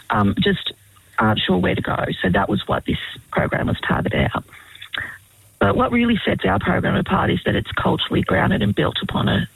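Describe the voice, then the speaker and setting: Woman, radio interview guest, heavily gravelly, raspy, dry close sound. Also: on the low side, no room sound, low-quality recording. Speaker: guest, program leader.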